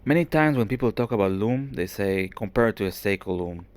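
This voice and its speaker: Man, lowish voice, casual vlog host, enthusiastic, rambling, fillers and restarts, recorded at home. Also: animated, brisk, darkish tone, dry recording. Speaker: watch vlogger. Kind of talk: casual show-and-tell vlog.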